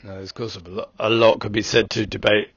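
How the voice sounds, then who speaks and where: A man's voice: lowish voice, flat delivery, brisk, a bit bright, breathy edge, dry recording, highs cut off. A man teaching a language lesson, going through word forms step by step in a methodical way. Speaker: Greek teacher. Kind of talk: recorded lesson walkthrough.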